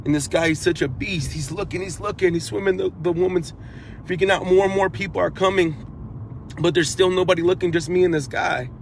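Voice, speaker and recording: A man's voice: sits high, fairly quick, creaky, slight background noise. Earnest man retelling a rescue. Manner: earnest, repetitive, grows urgent while retelling; repeats phrases and restarts. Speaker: eyewitness. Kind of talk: emotional first-person recounting.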